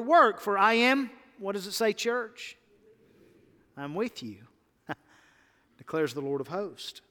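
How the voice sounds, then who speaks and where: A man preaching a sermon as pastor, leading his congregation in call-and-response and swinging between emphatic peaks and quiet low lines. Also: very animated, slow, pauses often, long reverb tail. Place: church sanctuary.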